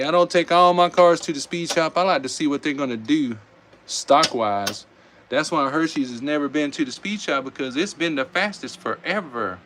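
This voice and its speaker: Excitable Southern man calling toy races. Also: fairly high pitch, a little hiss or hum. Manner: excitable, calls out race times, says y'all. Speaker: die-cast race host and commentator. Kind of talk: live race commentary.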